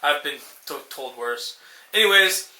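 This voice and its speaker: A man's voice: fairly high pitch, animated, a little slow, bright, forceful tone, echoey room, poor audio. A young man ranting sarcastically and profanely in casual chat, acting out movie lines as co-host. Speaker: podcast co-host.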